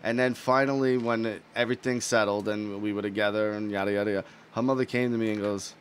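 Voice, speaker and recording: Man in his thirties, lower voice, rambling co-host, light hiss behind. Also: steady tone, fast. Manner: rambling, full of "you know what I mean". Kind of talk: casual couple podcast chat.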